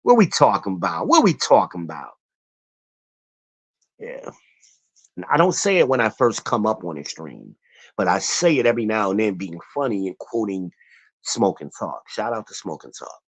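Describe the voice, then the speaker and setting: A man's voice: fairly low pitch, sing-song, moderate pace. Blunt, profane man ranting casually. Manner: blunt, profane, rambling rant. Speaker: channel host. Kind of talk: casual commentary stream.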